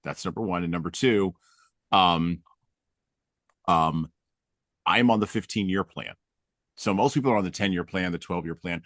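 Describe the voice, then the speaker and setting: A man's voice: low voice, moderate pace, long pauses, a bit bright, no room sound, studio quality. A middle-aged man hosting a casual chat, telling wry, self-deprecating stories with chuckles. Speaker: podcast host.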